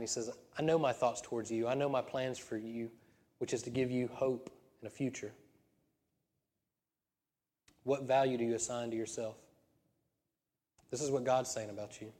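Man preaching a sermon, dark and roomy. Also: medium pitch, steady tone, normal speed, long pauses. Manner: conversational preaching with laughs and rising emphatic peaks. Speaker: senior pastor. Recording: long hall reverb.

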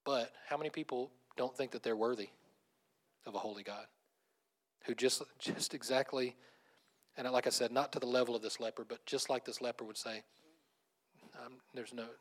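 A man preaching a conversational sermon as pastor, animated, laughing often and restarting phrases. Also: mid-range voice, a little fast.

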